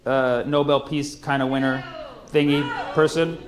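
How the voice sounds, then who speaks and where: A man's voice: mid-range voice, little pitch movement, a little slow, crowd noise. A man performing a stand-up comedy routine in a loose, conversational way with sarcastic asides.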